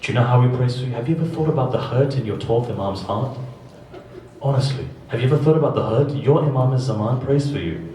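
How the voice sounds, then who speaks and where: A man's voice: mid-range voice, fast talker, dark tone, slight background noise. A man giving a sermon at a mourning gathering. He tells stories with rhetorical questions and repeated phrases. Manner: impassioned storytelling with rhetorical questions and repetition. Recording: echoey distant hall recording.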